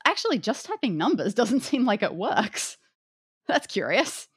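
A woman's voice: a little high, big pitch swings, moderate pace, breathy edge, no echo, clean studio sound. A woman hosting a podcast as game master, playfully narrating the objects in an escape room puzzle.

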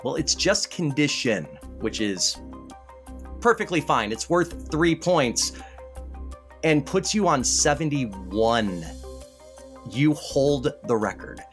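Brief: male game host, animated and teasing, wide swings in pitch, light music bed. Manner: animated, teasing, rapid bursts of scorekeeping. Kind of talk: hosting a word game podcast.

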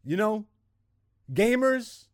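A man's voice: sits high, drawn-out words, smooth, dry recording, studio quality. Ranting, profane male podcast host. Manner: animated, profane, exasperated, loud bursts. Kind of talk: ranting casual monologue.

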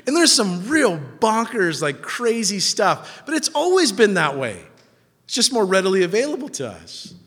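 A man with a high voice delivers a sermon in a hall with a long, ringing reverb. He drives his points home through repetition and emphasis, then drops into casual asides to the congregation. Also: very animated, normal speed, fairly bright tone, breathy edge. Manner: emphatic, repeating phrases for stress, with asides to the congregation. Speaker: preacher.

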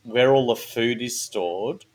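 Brief: man, true-crime podcast host, jokey and chatty, mid-pitched voice. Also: takes it slowly, crowd noise. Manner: jokey, laughs often, reads case notes. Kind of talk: casual true-crime chat.

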